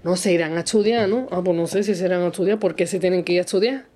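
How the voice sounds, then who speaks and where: A woman's voice: on the low side, rapid-fire, warm tone. A woman in her forties with a Gibraltarian accent, co-hosting a casual chat, blunt and sarcastic, switching between English and Spanish mid-sentence. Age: 40s. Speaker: co-host.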